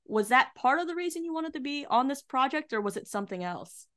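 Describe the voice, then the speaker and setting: A woman's voice: high voice, lively intonation, a little fast, a bit bright. Woman, interviewer, casual, enthusiastic, chatty.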